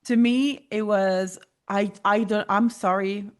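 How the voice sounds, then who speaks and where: A woman with an Italian accent and a slight lisp, a guest in a casual interview who talks haltingly and searches for her words. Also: medium pitch, steady tone, smooth. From Italy. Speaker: guest musician.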